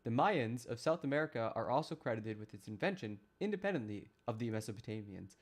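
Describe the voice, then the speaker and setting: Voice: medium pitch, animated, quick pace. A live streamer reading a document aloud to their chat, adding casual self-deprecating asides.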